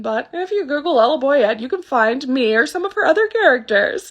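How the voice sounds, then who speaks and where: A young woman comedy creator chatting casually and quickly to the camera, giggling as she goes. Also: high voice, animated, a bit bright. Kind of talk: casual direct-to-camera chat.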